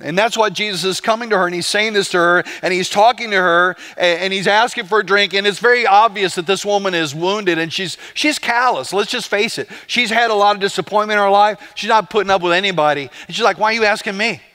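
A man's voice: sits high, brisk, hardly any pauses, pushed and bright. A man, a pastor, preaching a conversational sermon with rhetorical questions to the congregation.

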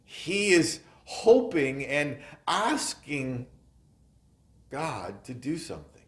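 A male pastor delivers an earnest sermon in an unhurried, deliberate cadence. His pitch rises and falls widely as he stresses key words, and his voice rings through a reverberant chapel. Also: very animated. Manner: earnest, emphatic, trails off softly at phrase ends. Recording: echoey chapel room.

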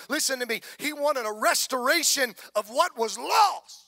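A man with a Southern US accent preaching a sermon as pastor, impassioned, swinging from soft talk to shouting. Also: extremely high pitch, animated, moderate pace, vocal fry, few pauses, dry recording, studio quality.

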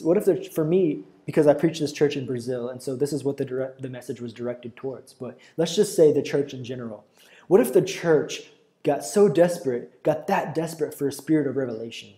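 A young man preaching an earnest sermon, reading scripture and rising to loud cries as he quotes it. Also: fairly high pitch.

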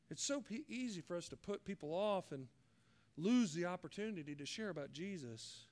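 A man's voice: high voice, lively intonation, normal speed, a little mellow. A man as a pastor preaching a sermon earnestly, acting out the voices he quotes.

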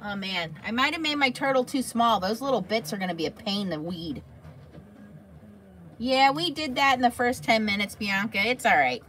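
Chatty higher-voiced woman hosting a craft stream. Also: lively intonation, normal speed, fairly bright tone. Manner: chatty, answers viewers' comments by name. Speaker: crafting livestream host. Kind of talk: casual livestream chat.

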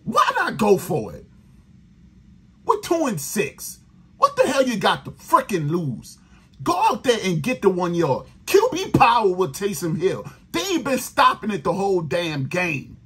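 Furious raspy New man ranting. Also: high-pitched, wildly swooping pitch, unhurried, a bit bright. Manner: profane, exasperated ranting. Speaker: sports podcast host. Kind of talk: angry fan rant.

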